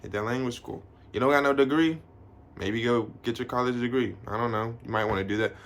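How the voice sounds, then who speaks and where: A young American man living in Tokyo vlogs casually to camera in a fairly quick, medium-pitched, slightly bright voice. His talk is loose and slangy, full of swearing and fillers like "you know what I mean."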